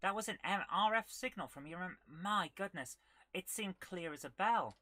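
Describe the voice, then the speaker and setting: Woman, retro game streamer, chatty, reacting to gameplay, crisp bright voice. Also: fairly low pitch, moderate pace, no echo. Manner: chatty, reads viewer comments aloud, bursts of excitement while playing. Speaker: retro gaming streamer host. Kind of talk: casual live-stream chat while gaming.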